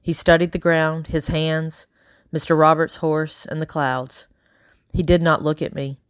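A woman narrating a first-person audiobook in a steady, quietly dramatic way. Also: sits low, unhurried, dry recording, studio quality. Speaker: audiobook reader.

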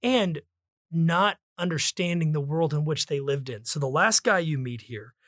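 A man's voice: a little high, normal speed, fairly bright tone, no echo, clean studio sound. A man hosting a book discussion podcast, talking in an emphatic, preacher-like way. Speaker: podcast host.

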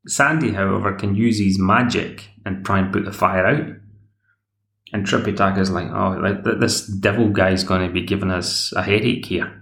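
A man's voice: sits low, normal speed, creaky, a bit bright, roomy sound. A Scottish man hosts a podcast, recapping a TV episode in a chatty, rambling way. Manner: chatty, rambling, plays the characters' lines himself. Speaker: podcast host.

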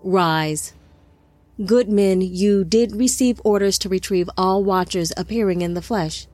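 A woman voicing a calm male divine lord who speaks softly and in measured, reassuring tones. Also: mid-range voice, no room sound, faint music behind, lightly acted. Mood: gentle.

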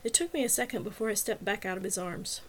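A woman narrating a first-person novel as an audiobook in a clear, even storytelling manner. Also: mid-range voice, quick pace, a little hiss or hum.

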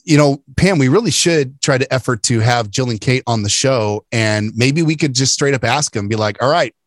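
A man's voice: mid-range voice, moderate pace, no room sound. A man co-hosting a casual podcast chat, talking in a chatty, jokey way with plenty of laughter. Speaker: podcast co-host.

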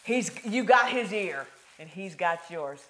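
A woman preaching a sermon in a folksy, conversational way, swinging from loud emphasis to hushed, near-whispered lines. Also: mid-range voice, expressive, a little slow.

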